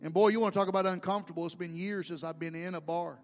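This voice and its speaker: A man's voice: high voice, fairly even intonation, fast talker. A man preaching a sermon as pastor, telling folksy stories with emphasis. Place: church sanctuary. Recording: long hall reverb, faint music.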